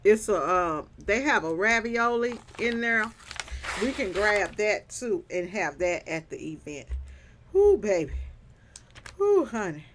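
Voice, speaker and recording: A woman's voice: medium pitch, lively intonation, unhurried, a little hiss or hum. A woman vlogger chatting casually on a stream, teasing her viewers and breaking into big laughs. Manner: laughing hard, playful teasing, Southern slang. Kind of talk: casual livestream chat.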